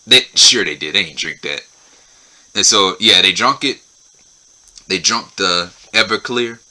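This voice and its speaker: A young man talks through a wrestling show he watched, his voice sitting a bit low but ringing very bright. He restarts phrases and repeats himself as he gets excited. It is a loose, casual solo recap. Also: unhurried, rough recording. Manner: repetitive, restarts phrases, enthusiastic.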